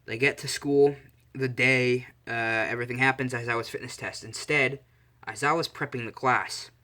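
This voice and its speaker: A man's voice: mid-range voice, fairly even intonation, normal speed, pushed and bright. Male storyteller, improvised and rambling, self-amused asides. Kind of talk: improvised casual story narration.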